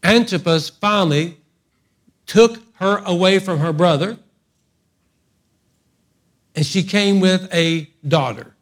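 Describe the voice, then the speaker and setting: A man preaching a sermon in an animated storytelling style, mixing humor and asides to the congregation. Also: sits high, slow pace, pauses often.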